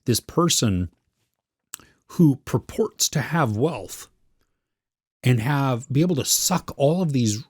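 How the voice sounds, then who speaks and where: A podcast co-host chats casually about a series he watched, searching for words as he goes in a film review conversation. His mid-range voice is a little mellow and slightly rough, with a dry, clean studio recording.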